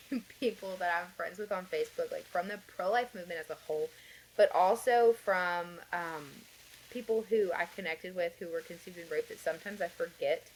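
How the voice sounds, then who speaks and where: A woman's voice: on the low side, a little hiss or hum, low-quality recording. A woman guest on a podcast, earnestly telling her personal story in a rambling way, with many fillers and light laughs. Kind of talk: conversational interview, personal story.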